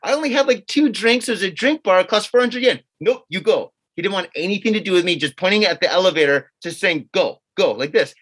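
His voice sits high, and he's a fast talker with few pauses, co-hosting a podcast. While casually telling a story, he animatedly acts out other people's lines with a bit of swearing.

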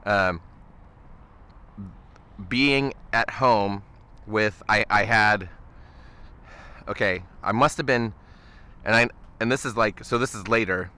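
A man cohosting a podcast, telling a story in an animated, casual way and chuckling often. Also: lowish voice, slow pace, long pauses, clear, resonant tone. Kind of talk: casual chat.

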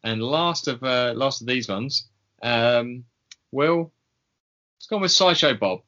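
A man of medium pitch co-hosts a casual podcast, speaking unhurriedly with lively intonation and a sharp tone. His talk wanders, full of ums and small laughs, on a dull lo-fi recording.

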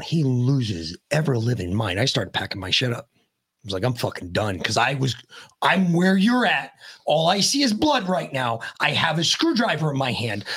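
A man with a deeply husky, raspy voice swings his pitch up and down while he spins a blunt, profane story. He sits as a guest on a podcast and talks in loose, rambling chat. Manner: animated, rambling delivery. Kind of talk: casual storytelling.

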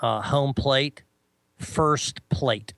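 Animated man telling a story. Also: extremely slow, gravelly, dry recording. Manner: animated storyteller, mimics others in a high voice. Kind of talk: casual chat.

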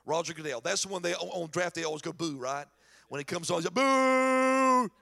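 A middle-aged man preaching a sermon in a church, telling stories with animated, shouted emphasis. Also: on the high side, fast talker, gravelly. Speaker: pastor.

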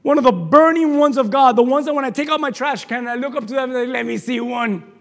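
A man preaching a sermon, shouting at times and then dropping to a hushed, low delivery. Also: fast talker. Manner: shouting, dramatic swings from loud to hushed. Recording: long reverb of a large hall.

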